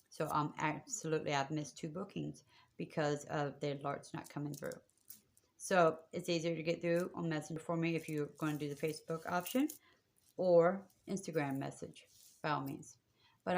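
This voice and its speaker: A woman's voice: low-pitched, creaky. A woman doing spiritual readings on a live stream, rambling and affectionate, with many fillers. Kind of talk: casual live-stream talk to viewers.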